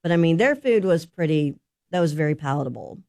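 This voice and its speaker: Woman, radio co-host, lower pitch, casual wry banter, dry studio sound. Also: expressive, a little fast, mellow, no echo. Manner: chatty, wry, laughs easily.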